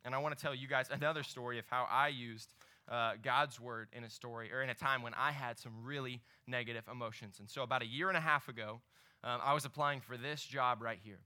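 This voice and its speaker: A young man giving a sermon, reading Scripture and telling a personal story in a casual, animated way with asides to his listeners. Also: medium pitch, fairly quick, smooth. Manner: conversational preaching, animated storytelling with asides to the audience. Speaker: young men's ministry leader.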